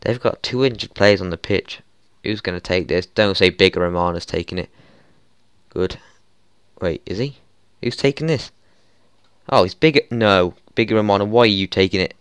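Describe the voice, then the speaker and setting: A young man with a smooth voice commentating his football management game, frustrated and swearing, with exasperated outbursts. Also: lowish voice, normal speed, long pauses, no echo, clean studio sound. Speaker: gaming YouTuber.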